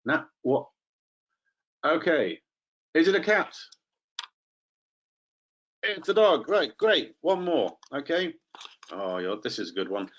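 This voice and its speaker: A man's voice: fairly high pitch, very animated, slow, pauses often, fairly bright tone, highs cut off. A man training teachers in a live online webinar, chatty and playful, calling on participants by name.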